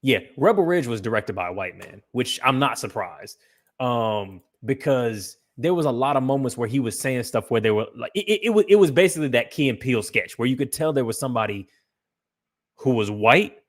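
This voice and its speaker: A man's voice: medium pitch, animated, fairly quick. A man hosting a livestream podcast, talking casually in a loose, profane, rambling way with frequent restarts. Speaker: podcast host.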